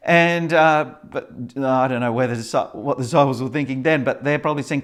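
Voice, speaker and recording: A man's voice: mid-range voice, a little fast, hardly any pauses. A male pastor preaching a sermon, retelling a story with lots of fillers. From Australia.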